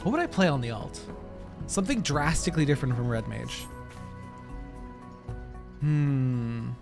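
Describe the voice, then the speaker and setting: A man's voice: mid-range voice, animated, measured pace, creaky, music in the background. A man live-streaming a game, chatting to his viewers in a giggly, rambling way. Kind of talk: casual live-stream chat while gaming.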